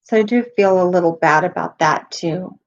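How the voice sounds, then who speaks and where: Middle-aged woman hosting a casual live stream, hoarse from losing her voice, halting delivery, dull lo-fi sound. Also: on the low side. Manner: halting, with many pauses and ums.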